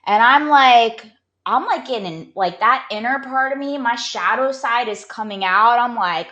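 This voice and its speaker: A woman speaks as a performance coach in a casual motivational talk, chatty and full of "like" fillers. Her voice is bright and sharp. The room around her is echoey. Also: a little high, lively intonation, measured pace, muffled recording. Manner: chatty, storytelling, lots of "like" fillers.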